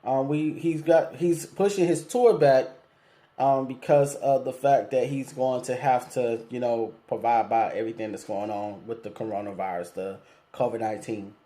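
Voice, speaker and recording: A man's voice: mid-range voice, steady tone, moderate pace, warm tone. A man hosting a casual call-in talk show, speaking to listeners and callers directly with lots of ums, polite but firm. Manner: laid-back, lots of ums, asks listeners questions. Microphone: streaming setup with cameras.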